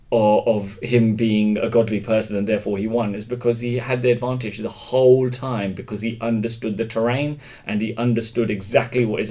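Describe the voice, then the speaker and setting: An English man talking as a guest in a relaxed interview, his voice sitting at an everyday middle pitch. He speaks emphatically and with strong opinions, circling back and restarting as he works through his thoughts. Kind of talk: casual conversational interview.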